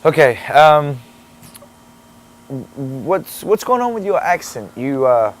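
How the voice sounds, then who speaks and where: A man's voice: a little high, big pitch swings, slow, pitched above the performer's own voice. A man playing a fumbling interviewer. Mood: earnest. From Sweden. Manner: fumbling, stammering, hesitant. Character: awkward male sports interviewer. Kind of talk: comedy sketch interview.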